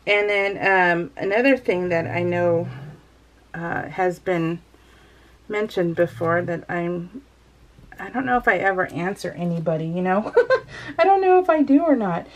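A young woman from California talks casually through a crafting vlog. She rambles, giggles often, and lets her phrases drift into a sing-song lilt. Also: mid-range voice. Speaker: vlogger. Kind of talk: casual chat while crafting.

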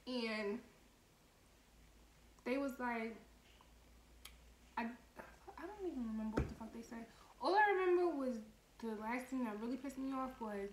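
A young woman vlogger recounts a story in a blunt, animated, profanity-laced way. Her voice sits on the high side and rings in an echoey room. A faint hiss runs under it. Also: normal speed, long pauses. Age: young adult. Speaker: vlogger and lash tech. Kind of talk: storytime monologue.

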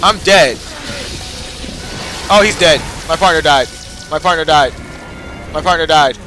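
A man's voice: fairly high pitch, a little slow, bright, forceful tone, faint music behind. A young man giving casual, frustrated gameplay commentary, swearing and cheering himself on. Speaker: gamer.

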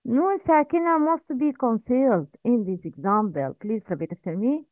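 A woman teaching Quran recitation, drilling pronunciation slowly and correcting errors. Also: mid-range voice, big pitch swings, no echo. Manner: slow, drilling repetition with corrections. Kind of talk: recorded language lesson. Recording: tinny phone-like audio, dry.

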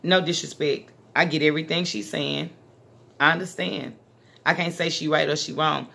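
A woman's voice: low voice, fairly even intonation, normal speed, vocal fry, sharp tone, slightly rough. A woman from Dallas, hosting a casual talk conversation in a blunt, emphatic manner. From Dallas, Texas. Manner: blunt, emphatic, street-talking. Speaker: channel host.

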